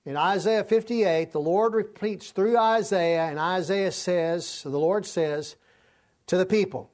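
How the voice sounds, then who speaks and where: A man's voice: high voice, a little slow, a little mellow. A man teaching a Bible study class in a conversational, informal way, often restarting his sentences and using fillers.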